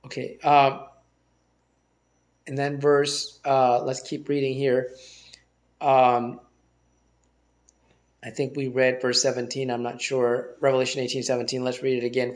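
A man's voice: medium pitch, darkish tone. A man giving a Bible teaching sermon, reading verses aloud and then commenting on them in emphatic bursts. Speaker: preacher.

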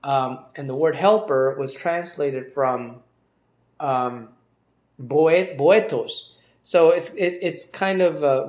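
Male Bible teacher, slightly higher voice, halting delivery full of ums and restarts. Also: darkish tone. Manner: hesitant, many fillers and restarts. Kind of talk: informal Bible study talk.

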